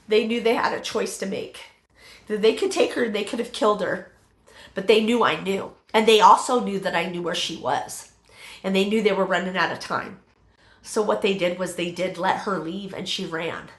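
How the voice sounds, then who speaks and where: A middle-aged woman telling her personal testimony in an interview, halting, with many fillers and restarts. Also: medium pitch, echoey room.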